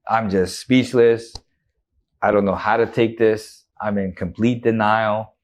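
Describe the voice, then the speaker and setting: A man's voice: fairly low pitch, fairly even intonation, measured pace. Man candidly retelling a personal ordeal. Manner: candid, emotional retelling with quoted dialogue. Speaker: guest. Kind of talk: personal storytelling in an interview.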